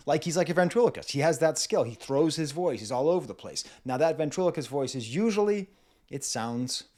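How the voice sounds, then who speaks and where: A man's voice: a little high, animated, fairly quick, a little mellow. A man in his forties reviewing music in a casual, playful way, mimicking vocal styles and laughing as he goes.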